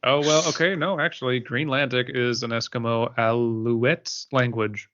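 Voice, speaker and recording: A man's voice: medium pitch, fairly even intonation, normal speed, fairly bright tone. A man co-hosts a casual podcast, trading wry remarks and explaining things plainly. His audio comes through slightly muffled. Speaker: podcast co-host. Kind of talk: casual chat.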